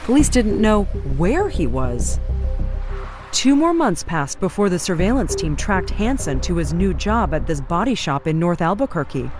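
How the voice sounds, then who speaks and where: A woman narrating a true-crime news story in a measured, dramatic cadence. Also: fairly low pitch, very animated, music in the background.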